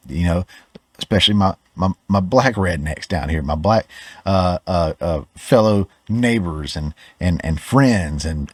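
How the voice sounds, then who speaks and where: A podcast host from Georgia, US, speaks in a low voice with studio-quality sound and no room echo. His Southern delivery is conversational and opinionated, and he often restarts his words.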